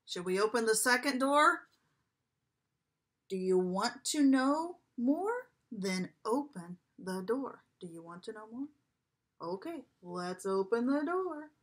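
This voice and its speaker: A woman preschool teacher reads a picture book aloud, her voice high, bright and swooping. She takes it slowly and keeps turning to the children with coaxing questions, sometimes sinking to a whisper. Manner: animated, slow, coaxing questions to children, drops to a whisper at times.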